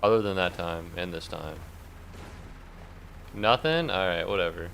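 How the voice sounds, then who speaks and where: A man's voice: low-pitched, unhurried, gravelly, fairly bright tone, faint music behind. A young man streaming a game, rambling and sarcastic, swearing a lot and yelping suddenly at the game. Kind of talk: casual gameplay commentary.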